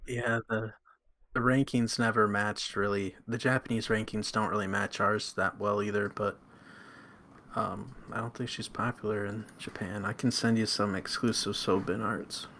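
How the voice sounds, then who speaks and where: A man co-hosting a casual chat, answering in a calm, matter-of-fact way. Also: on the low side, normal speed, slight background noise. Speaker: co-host.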